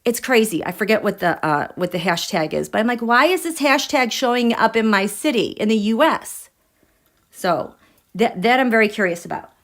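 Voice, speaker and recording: A woman hosting a live tarot and astrology stream, gushing with excitement, sometimes dropping to a breathy whisper and chatting with her viewers. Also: a little high, normal speed. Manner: checks in with viewers and reads their comments. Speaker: tarot and astrology livestream host.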